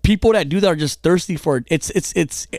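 A man's voice: on the high side, a little fast, darkish tone, no room sound, clean studio sound. A man co-hosting a podcast in casual, profane chat, stammering and swearing as he talks. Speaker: podcast co-host.

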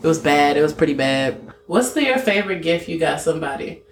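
A woman in casual conversation, telling a story with a lot of slang and frequent laughter. Her pitch swings up and down as she talks. A faint hiss of noise sits behind her voice. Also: expressive, brisk. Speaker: podcast co-host. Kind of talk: casual chat.

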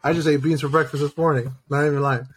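A man's voice: a little high, little pitch movement, fast talker, slightly rough. A man co-hosting a podcast, talking in a laid-back, profane casual way. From Mexican-American. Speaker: podcast co-host. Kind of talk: crude casual chat.

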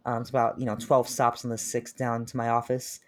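A young man from New talks about books in a loose, joking way. He gets animated and laughs often as he goes. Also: mid-range voice, fairly quick. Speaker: podcast co-host. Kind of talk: casual chat about books.

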